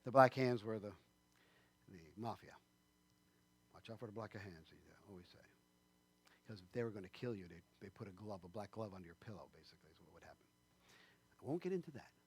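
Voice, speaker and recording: A man's voice: on the low side, animated, fast talker, husky. A man preaching a sermon in a church, conversational and rambling, with many fillers and asides. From New York State. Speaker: pastor.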